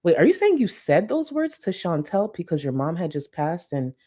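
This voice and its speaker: A woman host giving casual commentary on a livestream clip, talking loosely and jumping up into exaggerated exclamations. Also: moderate pace. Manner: animated, swings into exaggerated high exclamations; laughs through lines.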